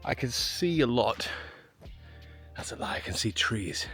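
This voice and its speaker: A man's voice: mid-range voice, very animated, unhurried, fairly bright tone, faint music behind. A man chatting to his camera while walking up to a shrine on a hillside trail, self-mocking and out of breath from the climb. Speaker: travel vlogger. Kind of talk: walking travel vlog. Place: outdoors on a hillside trail and road.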